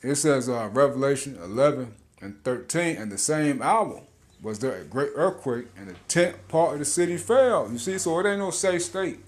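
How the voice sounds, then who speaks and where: A man teaches scripture in a loose, slangy way, laughing often and stumbling over repeated words. His voice sits at an ordinary middle pitch for a man. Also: expressive, moderate pace. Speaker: street preacher.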